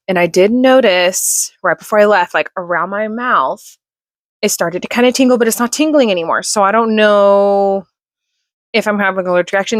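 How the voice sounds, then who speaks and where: A woman's voice: medium pitch, no room sound, studio quality. A young adult woman chatting casually in a rambling vlog about her kids and reading, with many fillers. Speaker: mom vlogger.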